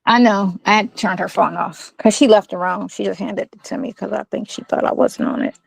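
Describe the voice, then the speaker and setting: Woman caller, gravelly and hesitant, dry choppy phone audio. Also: mid-range voice, steady tone, a little fast, no room sound. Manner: hesitant, many fillers and restarts. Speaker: guest on a live stream call. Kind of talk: casual phone-in chat. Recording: dry phone line cutting in and out.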